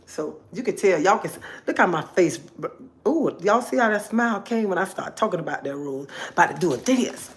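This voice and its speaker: A woman with a lowish voice hosts a live stream, talking casually to her viewers in a brisk, expressive, chatty way. She's emphatic and often repeats herself.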